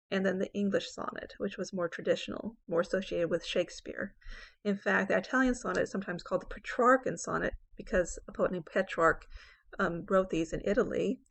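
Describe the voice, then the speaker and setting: Woman prof explaining poems, lots of "okay", bit of vocal fry. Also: medium pitch, fairly bright tone. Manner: explanatory, repeats "okay" between points. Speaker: English professor. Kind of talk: recorded lecture on poetry.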